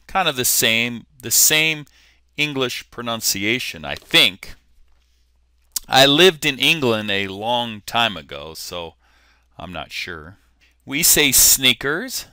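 An American man leads a vocabulary lesson at an unhurried pace. His voice sounds very bright, and his pitch moves a lot. The sound is dry and close. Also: lively intonation, dry recording. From United States. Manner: slow, clear teacherly delivery, repeating words for learners. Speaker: English teacher.

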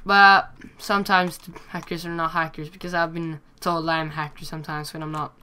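Woman, casual gameplay commentary, bright tone, excitable, swears often. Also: sits low, a little fast, a little hiss or hum. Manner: excitable, swears when frustrated. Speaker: gamer commentating her play.

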